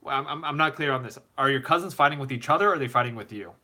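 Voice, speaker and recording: A man's voice: mid-range voice, rapid-fire, pushed and bright. A man hosting a live stream Q&A, giving casual advice and reading chat messages aloud, rambling with fillers and repeated words. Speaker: host.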